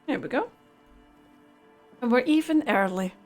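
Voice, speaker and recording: A woman's voice: fairly high pitch, lively intonation, a little slow, faint music behind. A woman streaming a game live, chatting casually, laughing easily and reading the game's text aloud.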